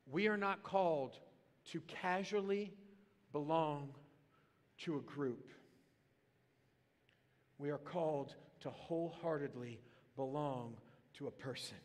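A man preaching a sermon as pastor, animated and comic, swinging into loud excited bursts. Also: a little high, a little slow, pauses often. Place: church auditorium. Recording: long reverb of a large hall.

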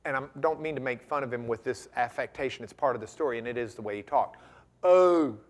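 A man giving a guest lecture to a class, telling a courtroom story dramatically and building to loud bursts. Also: medium pitch, quick pace. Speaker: guest lecturer, trial lawyer.

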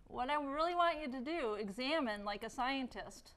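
Playful, higher-voiced woman teaching science. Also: expressive, normal speed. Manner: playful questioning teacher who laughs often. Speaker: science show host. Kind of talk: hands-on science demonstration for a young assistant.

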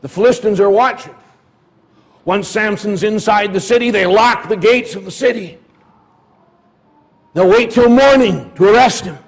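A man's voice: high voice, moderate pace, pauses often. A man preaching a sermon in a church, retelling a story dramatically. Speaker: pastor.

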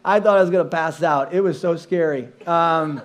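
A middle-aged man, a pastor telling stories in a sermon, animated and self-mocking, acting out voices and sounds. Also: a little high, normal speed. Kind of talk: storytelling sermon. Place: church stage.

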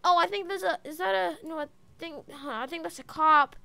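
A woman narrating her own driving role-play in a game in a chatty, excitable way, tossing out "bro" and "dude" as she talks. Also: very high voice, brisk, vocal fry, no echo. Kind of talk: casual in-character game role-play commentary.

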